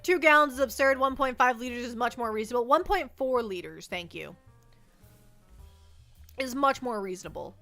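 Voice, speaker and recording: Bright high-voiced woman streamer. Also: animated, normal speed, vocal fry, long pauses, faint music behind. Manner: playful, rambling, reads chat aloud. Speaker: livestreamer. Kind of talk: casual livestream chat. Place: at a desk at home.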